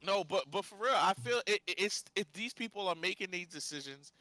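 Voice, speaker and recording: A man's voice: high-pitched, lively intonation, brisk, pushed and bright, dry recording. A man on a casual podcast debate, rambling with fillers and checking for agreement.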